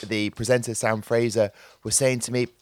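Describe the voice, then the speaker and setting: A man co-hosting a podcast, telling stories in an animated, joking way. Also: medium pitch, moderate pace. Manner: animated, jokey storytelling. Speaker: podcast co-host. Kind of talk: casual chat.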